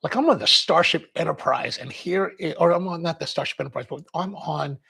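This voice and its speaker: Gravelly rambling man from Maryland. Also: fairly high pitch, brisk, pushed and bright. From Maryland, US East Coast. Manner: rambling storyteller, quotes people in voices, laughs. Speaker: coffee livestream host. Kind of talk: casual livestream chat.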